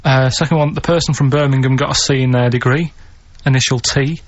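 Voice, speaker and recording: A deadpan man talks through a quiz segment on a radio show, slow and matter-of-fact, at a middling pitch. The sound is dull and lo-fi. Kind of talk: casual radio banter. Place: radio studio.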